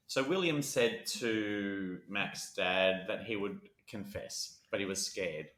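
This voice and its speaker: A man's voice: on the low side, steady tone, a little slow, sharp tone, roomy sound. A man co-hosting a true crime podcast, reading case notes aloud between jokes and laughs. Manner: jokey, laughs often, reads story aloud. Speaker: podcast co-host.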